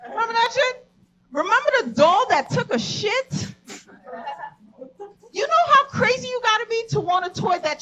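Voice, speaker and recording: A young woman doing a stand-up set, with a high voice that swings widely in pitch. She swears freely and keeps breaking into laughter at her own punchlines. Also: a bit bright, poor audio. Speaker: stand-up comedian. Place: live comedy venue.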